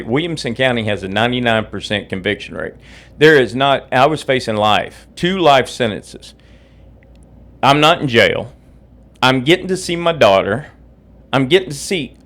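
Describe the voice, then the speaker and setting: A middle-aged man, hosting his own podcast in a profane, agitated rant just after waking up. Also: medium pitch. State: just woke up, drinking coffee. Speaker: podcast host. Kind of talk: angry personal podcast rant.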